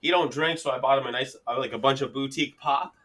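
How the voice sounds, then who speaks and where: A man with a bright, forceful voice, chatting casually as a podcast host. He tells animated, profane stories and swears freely. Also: medium pitch, fast talker. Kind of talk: casual chat.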